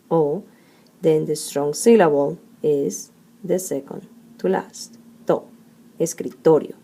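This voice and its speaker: A woman's voice: low-pitched, dark tone. A woman teaching a language lesson, explaining rules step by step and sounding out syllables one at a time. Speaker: Spanish teacher.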